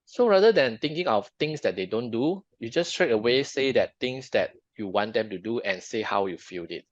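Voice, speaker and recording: A man's voice: medium pitch, expressive, moderate pace, no room sound. A man co-hosting a podcast in a casual book discussion, who halts and repeats words often. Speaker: podcast co-host. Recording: dull lo-fi dry sound.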